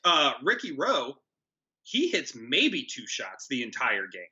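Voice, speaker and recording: A man's voice: medium pitch, wildly swooping pitch, slow, pushed and bright, dull audio. A man co-hosting a movie review show in casual chat, wry and jokey. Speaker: movie review podcast co-host.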